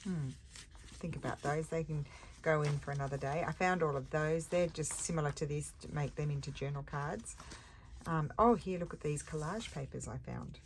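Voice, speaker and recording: A woman's voice: low voice, moderate pace. A woman musing and thinking aloud as she narrates a casual crafting session at her table, correcting herself as she goes. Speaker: crafting vlogger. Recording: clear background noise with crafting clicks.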